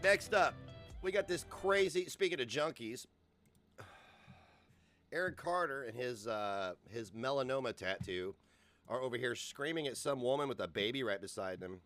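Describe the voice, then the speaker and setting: A man's voice: mid-range voice, a bit bright. A man hosting a stream, giving sarcastic, mocking, profane commentary on video clips. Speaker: host.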